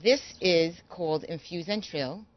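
A woman's voice: on the low side, measured pace, no room sound, highs cut off. A woman guest on a talk show, explaining kitchen gadgets in a brief, matter-of-fact way. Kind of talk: studio talk show interview.

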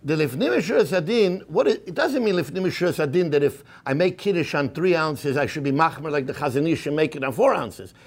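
A man giving a storytelling sermon as a rabbi, animated and mixing in Hebrew and Yiddish terms. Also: a little high, a little fast, hardly any pauses, slightly rough. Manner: animated, acts out the people in his stories.

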